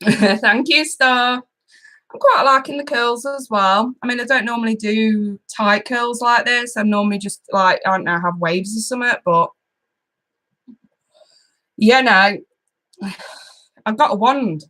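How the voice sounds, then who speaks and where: A woman's voice: on the high side, unhurried, long pauses, sharp tone. A woman hosting a live tarot stream, chatting casually and giggling as she greets viewers by name.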